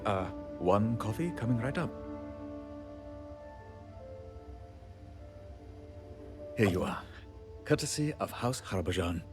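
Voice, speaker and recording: A wry, punning handyman. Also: on the low side. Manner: wry and rambling, laughs at himself. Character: weary, punning, self-deprecating male station handyman. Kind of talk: video game dialogue.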